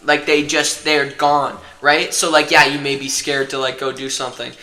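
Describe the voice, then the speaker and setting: A man's voice: mid-range voice, level tone, moderate pace, sharp tone, echoey room. A young man in casual podcast chat, rambling and swearing a lot with constant fillers.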